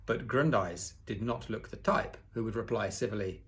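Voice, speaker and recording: A man with a low-set voice reads a children's novel aloud, expressively. He sometimes breaks off for a relaxed aside to the listener before diving back into the story. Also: moderate pace, few pauses. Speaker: audiobook reader.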